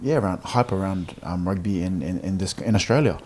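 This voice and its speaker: A man's voice: sits low, fairly quick, warm tone, a little hiss or hum. A young man co-hosting a casual podcast, joking and rambling with fillers. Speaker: podcast co-host, rugby player. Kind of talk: casual chat.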